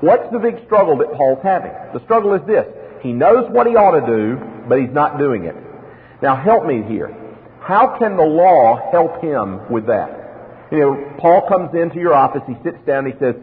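Male pastor, sermon, fairly high voice, phone-like tinny sound, long church reverb. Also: expressive, normal speed. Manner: expository preaching, rhetorical questions, acted-out dialogues.

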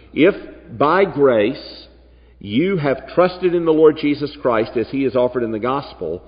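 A male pastor preaching a sermon to a congregation, emphatic, slowing down to stress key words. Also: mid-range voice. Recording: distant hall reverb, dull lo-fi sound.

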